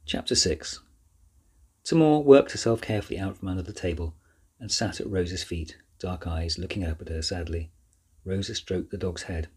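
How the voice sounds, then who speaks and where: A man narrating a children's novel in an even, measured storytelling voice. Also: low voice, husky. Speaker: audiobook narrator. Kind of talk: scripted narration.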